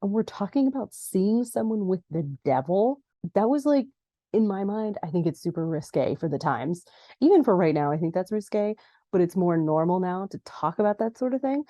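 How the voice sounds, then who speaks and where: Young adult woman, podcast recap host; mellow, chatty, dry close mic. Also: animated, normal speed, dry recording. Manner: chatty, acts out quoted lines in a higher voice. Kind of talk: casual recap narration.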